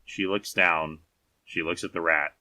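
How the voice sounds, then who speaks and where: A man narrating a tabletop game as game master, telling the scene in unhurried, vivid detail. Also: low voice, fairly even intonation, bright, forceful tone, no room sound.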